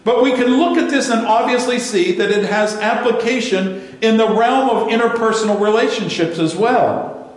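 A man's voice: high voice, moderate pace. A male pastor preaching a sermon in a conversational way, repeating words and asking the congregation questions. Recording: very echoey room.

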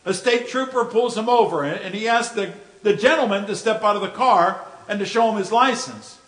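Folksy preacher guy, high voice, repeats himself, echoey room. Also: a little fast, fairly bright tone. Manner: folksy, joking storyteller who often repeats words. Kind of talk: sermon.

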